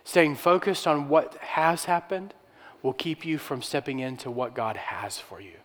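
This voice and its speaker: A man's voice: medium pitch, a little slow, a bit bright, long reverb tail. A male pastor preaching a sermon in a conversational way, with rhetorical questions and restarts.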